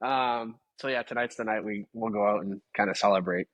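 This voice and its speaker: Husky-voiced young firefighter guest. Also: male voice, lowish voice, brisk, a bit bright, dry recording, highs cut off. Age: young adult. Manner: easygoing, agreeable, filler-heavy. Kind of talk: casual interview chat.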